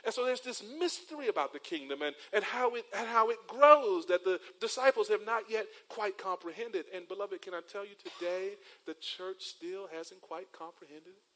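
Higher-voiced storytelling male preacher. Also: normal speed, hardly any pauses, bright, forceful tone, poor audio. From North Carolina, USA. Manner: storytelling preacher with rhetorical tags, addresses listeners as beloved. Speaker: pastor. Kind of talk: sermon.

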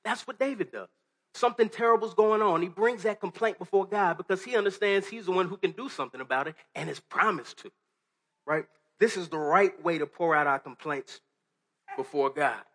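A man's voice: sits high, a bit bright. Earnest conversational male preacher. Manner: earnest, conversational, with frequent restarts and rhetorical questions. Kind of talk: sermon. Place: church hall before a congregation.

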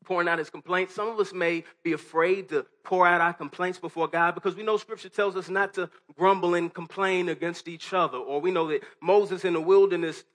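A man's voice: high voice, steady tone, fairly quick, few pauses, fairly bright tone. A man preaching a sermon to a congregation, talking earnestly and conversationally with restarts and rhetorical questions. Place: church hall before a congregation.

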